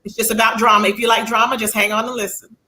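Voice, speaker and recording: Woman streamer, high and sharp-toned, sassy and chatty, reading out chat as she talks. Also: little pitch movement, fast talker, poor audio. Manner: sassy, chatty, reads chat comments aloud. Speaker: livestream host. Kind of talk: casual livestream commentary.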